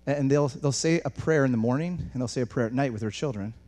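A man preaching a sermon in an animated way, moving between quiet asides and raised, emphatic passages, with frequent restarts. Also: medium pitch, fast talker. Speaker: pastor.

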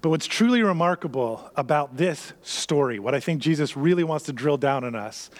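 A man with a notably high voice preaches a sermon in the manner of a pastor. He leans on key phrases and repeats them for emphasis. At times his voice drops low and hushed, close to a whisper. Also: lively intonation, normal speed.

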